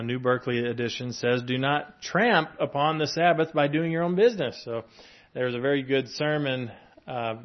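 A man's voice: mid-range voice, dull audio. Man preaching a conversational sermon. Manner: conversational preaching, with chuckles and fillers. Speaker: pastor.

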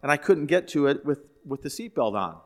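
A man's voice: on the high side, big pitch swings, fairly quick. A man playing a grumpy, growling husband. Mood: excuse-making. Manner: growling, through clenched teeth. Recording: echoey hall.

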